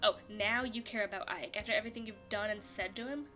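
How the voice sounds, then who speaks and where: A woman's voice: mid-range voice, fairly even intonation, bright, forceful tone, soft background music, lightly acted. Woman reading as a cold, furious young woman. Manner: harsh, accusing, slow and threatening.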